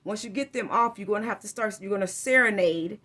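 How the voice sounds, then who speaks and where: A woman's voice: mid-range voice, a little fast, bright, forceful tone. A woman giving a casual spiritual tarot reading, rambling and informal, often correcting herself mid-sentence. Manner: rambling, informal, frequent self-corrections and slang. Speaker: tarot reader.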